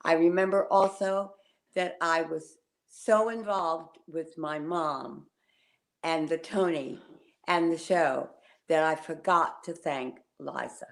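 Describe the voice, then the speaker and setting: An older woman, a guest on a video call, telling a personal memory in a halting, pausing way. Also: low-pitched, gravelly. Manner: warm, halting storytelling with pauses.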